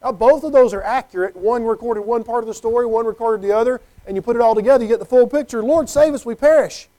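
A man's voice: extremely high pitch, fairly even intonation, fast talker, warm tone, low-quality recording. A middle-aged man preaching a conversational sermon, often checking in with "okay?". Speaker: pastor.

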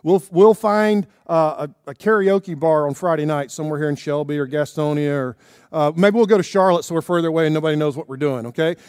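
A man's voice: on the high side, brisk, a little mellow, smooth, no room sound, clean studio sound. A man preaching a sermon in church, talking conversationally and checking in with "okay?" and "right?". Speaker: pastor.

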